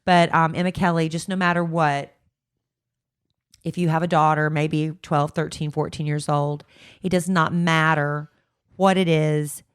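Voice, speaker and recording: Low-voiced woman with a stuffy cold. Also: little pitch movement, measured pace, clean tone, no room sound, studio quality. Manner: frank, venting, rambling. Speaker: podcast co-host. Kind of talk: casual chat.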